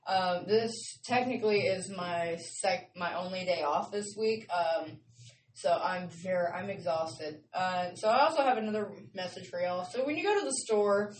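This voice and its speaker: A woman's voice: fairly low pitch, moderate pace, distant mic. A woman hosting her show in a casual, rambling, chatty way, often laughing. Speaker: show host. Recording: roomy sound from off-mic with faint noise.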